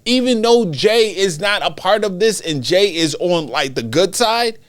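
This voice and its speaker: A man hosting a solo wrestling commentary podcast, talking in an animated way and repeating phrases for emphasis. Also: high-pitched, measured pace. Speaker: podcast host.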